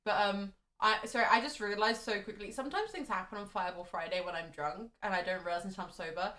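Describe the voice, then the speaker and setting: A woman's voice: mid-range voice, fast, pushed and bright. A woman co-hosting a drinking stream, telling chatty, dramatic stories. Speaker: co-host. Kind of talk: casual chat on a drinking stream. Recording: roomy echo.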